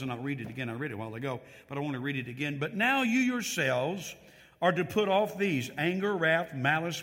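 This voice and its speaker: Animated preacher in a reverberant church. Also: male voice, on the high side. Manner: animated, reads scripture aloud with emphatic stress; asks the congregation questions directly. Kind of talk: sermon. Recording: long hall reverb.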